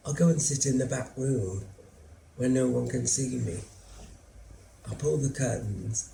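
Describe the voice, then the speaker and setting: An actor playing a lonely, anxious middle-aged son who lives with his mother, telling his story slowly and drily in a theatre monologue. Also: medium pitch, creaky, dark tone. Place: theatre stage. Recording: roomy theatre sound, faint hum.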